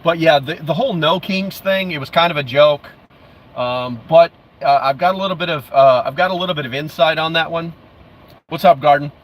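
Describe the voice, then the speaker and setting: A man's voice: fairly high pitch, a little fast. A middle-aged man hosting a casual livestream, reading viewer comments aloud and rambling with lots of fillers and restarts, calling viewers bro. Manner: friendly, calls viewers bro. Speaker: livestream host.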